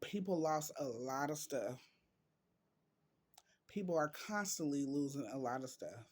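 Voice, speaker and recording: Slow, heartfelt man vlogging emotionally. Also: mid-range voice, lively intonation. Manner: heartfelt, slow, preachy with drawn-out words. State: emotional, near tears. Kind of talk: emotional vlog reading quotes.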